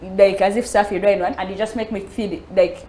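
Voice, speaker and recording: A Ugandan woman panelist in casual chat, animated and laughing often, switching between English and Luganda. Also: medium pitch, fairly quick, a little hiss or hum. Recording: echoey room.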